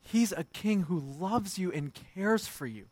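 A man's voice: sits high, lively intonation, a little slow, darkish tone, no room sound. A man in his thirties preaching a sermon, telling stories about his young sons in an easy, conversational way. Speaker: pastor.

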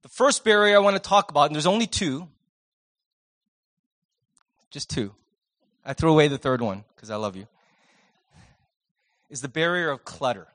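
Animated male pastor preaching. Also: on the high side, moderate pace, long pauses. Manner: animated, swings from loud emphasis to soft near-whispers. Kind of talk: sermon. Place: church sanctuary.

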